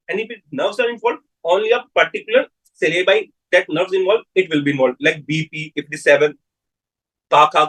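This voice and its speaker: A man giving a live online medical lecture, repeating key phrases slowly and checking in with his students. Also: high-pitched, a bit bright, slightly rough, poor audio.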